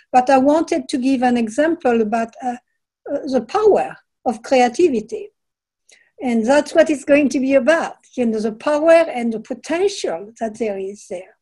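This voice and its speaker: An older woman with a heavy French accent speaks in a mellow, soft-edged voice that sits a little high. She talks haltingly, hunting for words, then reads her own book aloud. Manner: halting, searching for words with many fillers. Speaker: author and painter. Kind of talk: casual talk and reading aloud from her book.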